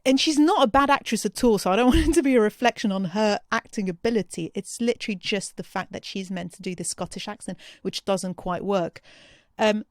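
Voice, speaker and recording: A woman's voice: mid-range voice, dry recording, studio quality. A woman co-hosting a podcast, giving thoughtful opinions on a series in casual chat. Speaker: podcast co-host.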